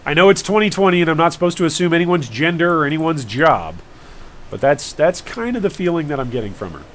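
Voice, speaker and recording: A man's voice: on the high side, lively intonation, a little fast, a bit bright, a little hiss or hum. A man streaming a game live, chatting casually and rambling with jokey asides to his viewers. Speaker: gaming streamer.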